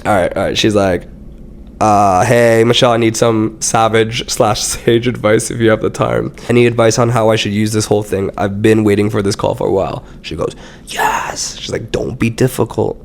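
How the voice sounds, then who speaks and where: A man's voice: lowish voice, moderate pace, vocal fry, slight background noise. A young man, a startup founder on a podcast, chatting casually and acting out what people said to him, with plenty of swearing. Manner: animated storyteller who acts out quotes with lots of swearing. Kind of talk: casual interview chat.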